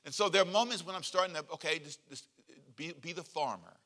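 This is a man preaching to his congregation in a relaxed, humorous way, and his voice is strikingly bright and forceful. It sits slightly higher than most men's. He draws the room in with call-and-response. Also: fast talker. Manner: joking, animated, leads call-and-response. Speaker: pastor. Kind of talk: conversational sermon.

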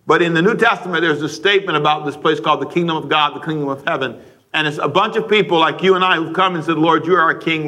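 Man, radio preacher, sermon, bright tone, higher pitch, questioning, conversational. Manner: conversational, asks the listeners many questions; mimics frustrated parents with sudden loud outbursts.

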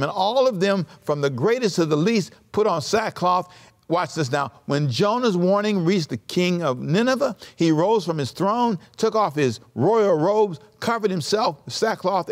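A man preaching a sermon as pastor, animated and conversational, with joking asides. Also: fairly high pitch.

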